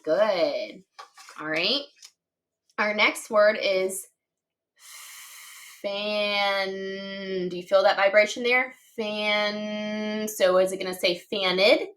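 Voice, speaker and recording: A woman's voice: mid-range voice, fairly bright tone. A woman teaching a phonics lesson to young children, patiently sounding out letters and words one at a time and encouraging her listeners. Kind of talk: slow, clearly enunciated phonics lesson for children.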